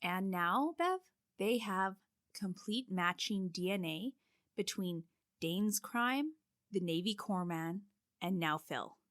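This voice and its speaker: A woman's voice: mid-range voice, slow pace, no room sound. Woman narrating a case, dry close sound. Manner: steady storytelling with frequent "like" fillers. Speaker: podcast co-host telling the case. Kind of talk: casual true-crime podcast narration.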